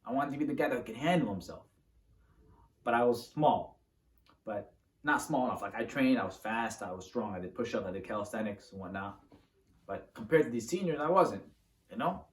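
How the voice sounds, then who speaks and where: A man telling a personal story to the camera in a casual, animated way, acting out the moves as he talks. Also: mid-range voice, fairly quick, long pauses. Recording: roomy, from a distance to the mic.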